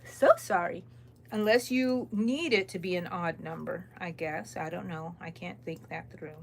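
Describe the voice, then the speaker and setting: Woman, Texan accent, unhurried drawl, chatty and rambling, live crochet chat, a bit tired. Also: fairly low pitch, gravelly, a little hiss or hum. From Texas. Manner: rambling, chatty, reads viewer comments aloud. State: tired, yawning. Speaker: crochet channel host. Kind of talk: casual live-stream chat while crocheting.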